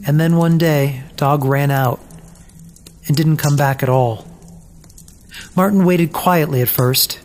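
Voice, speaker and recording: Brief: unhurried storybook reader, mid-pitched, gentle and measured, faint hiss behind. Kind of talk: scripted narration of a children's story.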